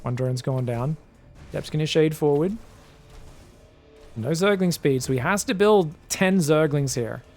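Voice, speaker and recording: A man giving solo commentary on a strategy game match, excitable and chatty, bursting into shouted reactions and talking straight to his viewers. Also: fairly high pitch, measured pace, long pauses, faint music behind. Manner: chatty asides, addresses viewers as guys. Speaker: esports caster.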